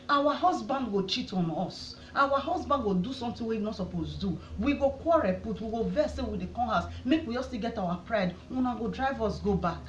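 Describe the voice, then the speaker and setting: A woman's voice: medium pitch, slight background noise. A woman from Edo State with a Nigerian accent, pleading and indignant, firing rhetorical questions straight to the camera as a vlogger. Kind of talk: impassioned address to camera. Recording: echoey room, dull sound.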